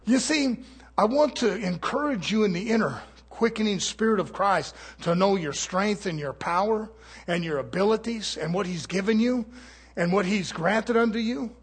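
A man preaching a sermon in a fervent, folksy manner, moving between hushed asides and shouted exhortation. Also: sits high, moderate pace, husky. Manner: folksy, plain-spoken.

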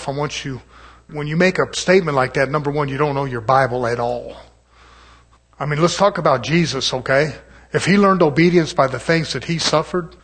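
A man preaching a folksy sermon to his congregation, acting out doubters in quick asides. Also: a little high, fairly bright tone. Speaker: pastor.

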